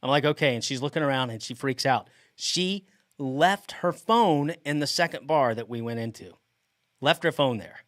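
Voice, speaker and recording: A man's voice: mid-range voice, normal speed, a bit bright, no echo, studio quality. A middle-aged man hosting a podcast, telling a story in a casual way and often laughing mid-sentence. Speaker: podcast host.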